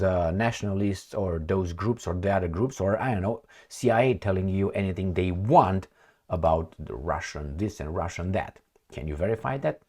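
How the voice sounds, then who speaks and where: Man, very low voice, sarcastic vlog commentary, rambling. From Romania. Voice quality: sarcastic, mocking. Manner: rambling, animated, frequent fillers and laughs. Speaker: political commentary vlogger.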